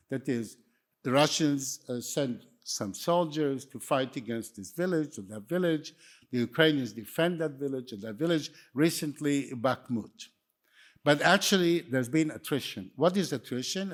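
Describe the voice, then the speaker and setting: An older man, not a native English speaker, giving a wry, anecdotal talk that wanders from story to story. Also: on the high side. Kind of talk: lecture talk.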